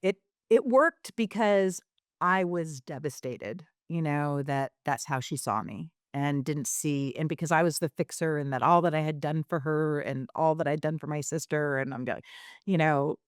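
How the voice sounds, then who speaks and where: A woman's voice: low-pitched, moderate pace, no room sound, studio quality. A woman guest on a podcast telling her story candidly, rambling with many fillers and restarts.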